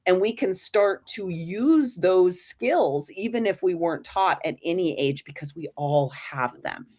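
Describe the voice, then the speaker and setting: A woman's voice: on the low side, a little slow. A woman guest in an interview telling a personal story in a casual way, with fillers and restarts, acting out the voices of the people in it. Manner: animated storyteller who acts out quoted voices.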